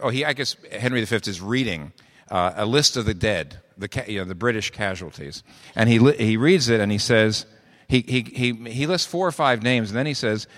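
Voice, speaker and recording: A man's voice: on the low side, a bit bright, in a large hall. A man preaching a sermon in a conversational way, asking rhetorical questions and often restarting his sentences. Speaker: pastor.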